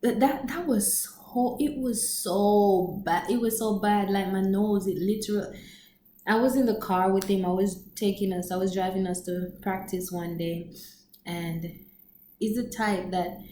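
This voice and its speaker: A woman telling a story in casual chat on her vlog, animated and laughing often, acting out quotes in a high voice. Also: measured pace, echoey room, slight background noise, low-quality recording. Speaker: storyteller vlogger.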